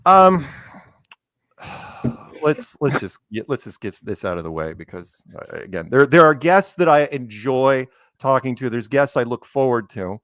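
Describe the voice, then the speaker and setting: A man's voice: mid-range voice, sing-song, measured pace, fairly bright tone, no echo. A man hosting a casual talk show, telling a teasing made-up story about his guests. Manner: teasing storyteller, quotes people in put-on voices. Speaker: podcast host. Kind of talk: casual chat.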